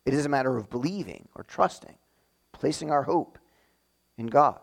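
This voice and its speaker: A man's voice: medium pitch, animated, normal speed, creaky. A man giving a sermon in a conversational teaching way, explaining his point step by step to a congregation. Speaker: pastor.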